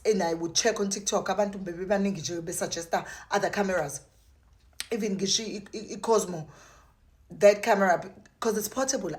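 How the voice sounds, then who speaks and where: Chatty woman vlogging. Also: lowish voice. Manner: chatty, switching between languages, bursts of excitement. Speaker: content creator. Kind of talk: casual vlog chat.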